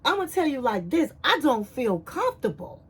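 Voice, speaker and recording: A woman from Chicago quoting an adult man in her recap, calm and firm as he sets boundaries. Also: sits high, a little fast, husky, heavily acted.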